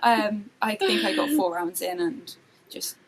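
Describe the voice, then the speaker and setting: A woman's voice: medium pitch, measured pace, a crowd in the background, rough recording. Chatty woman podcast host. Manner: chatty, laughs often, animated storytelling. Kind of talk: casual chat.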